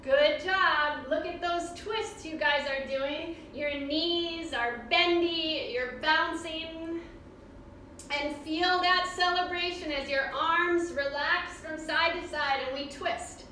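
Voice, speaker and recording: A woman guides children through yoga in a slow, unhurried, sing-song voice that sits very high. Her tone is bright and encouraging. She sounds far from the mic in a very echoey room with faint background noise. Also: steady tone. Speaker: kids' yoga teacher. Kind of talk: guided kids' yoga class. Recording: roomy echo from far off.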